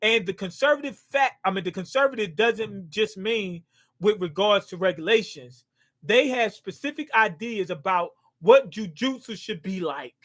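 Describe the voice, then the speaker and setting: A man with a high, bright-pitched voice reacts live as he reads a comic aloud. He is excitable, bursts out at big moments and trips over hard names as he goes. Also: normal speed. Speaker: manga reaction host.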